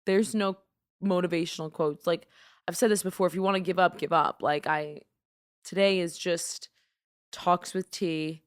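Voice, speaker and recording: A woman's voice: lowish voice, moderate pace, clear, resonant tone. A young woman from New York with a New York accent, hosting a casual solo podcast and rambling in an opinionated way, full of "like". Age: young adult. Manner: rambling, lots of "like", animated and opinionated. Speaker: podcast host.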